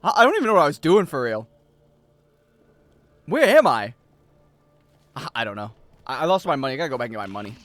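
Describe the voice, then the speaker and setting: A man's voice: medium pitch, very animated, very fast, fairly bright tone, no echo. A male streamer rambling and joking casually with his chat while he plays. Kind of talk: casual game-stream chatter.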